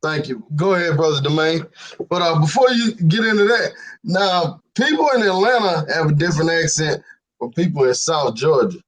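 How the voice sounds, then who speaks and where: A man's voice: fairly high pitch, lively intonation, normal speed, low-quality recording. A man hosting a livestream, friendly as he thanks viewers and hands over the floor. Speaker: show host.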